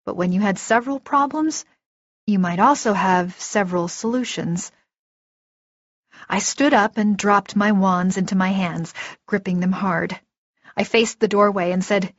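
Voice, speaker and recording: A woman's voice: medium pitch, measured pace, dry recording. Woman narrating an audiobook, dry and dull. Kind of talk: first-person audiobook narration.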